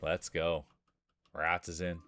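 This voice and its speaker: With a deep voice and slow pace, a man streams sports-style play-by-play commentary on a game, excitable and joking as he hypes up the players. Soft music plays in the background.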